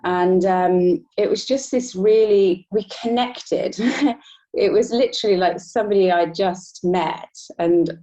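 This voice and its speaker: A woman guest telling a personal story in a relaxed interview, often laughing lightly between thoughts. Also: mid-range voice, takes it slowly. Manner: reflective, laughs between thoughts, many restarts. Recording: dull lo-fi sound.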